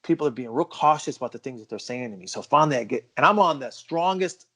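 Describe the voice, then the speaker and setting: Male podcast co-host, mid-pitched, emphatic casual storyteller. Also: animated, fast talker, a bit bright, breathy edge. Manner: emphatic, insists the story is true.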